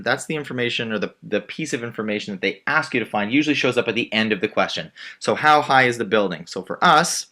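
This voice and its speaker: Bright-voiced male math teacher. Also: fairly low pitch. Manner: patient, explains step by step while drawing. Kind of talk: screen-recorded math lesson.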